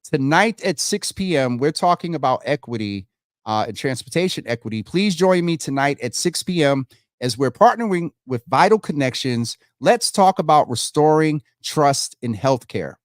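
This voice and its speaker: A man's voice: fairly high pitch, animated, normal speed, no room sound. A man hosting a casual livestream news show from his home studio, talking loosely and straight to his viewers. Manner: chatty, addresses viewers directly, loose and informal. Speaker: show host.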